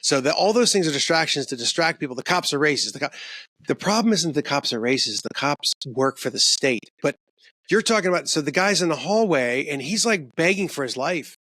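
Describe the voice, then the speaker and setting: A man argues hard as a podcast guest, his voice sitting a little high for a man and recorded dry and close. He pushes each point with emphasis and restarts sentences as the thought outruns him. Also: animated, fairly quick, bright, forceful tone, no room sound. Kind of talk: heated conversational rant.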